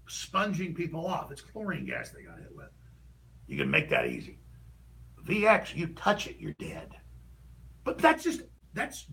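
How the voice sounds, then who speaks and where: A man delivering an impassioned, ranting political monologue as a talk show host, heated and rapid with sudden bursts of shouting. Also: fairly high pitch, vocal fry, far from the mic, slight background noise, rough recording.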